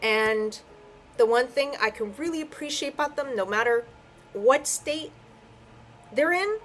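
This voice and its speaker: A woman who reads tarot and the I Ching gives an earnest, emotional solo spiritual reading, her voice sometimes close to tears. It sits high and is animated, with a measured pace and slight background noise.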